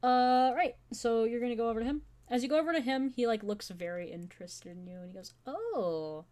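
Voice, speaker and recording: A woman's voice: on the high side, fast talker, mellow. A woman running a tabletop one-shot as game master, rambling with joking asides.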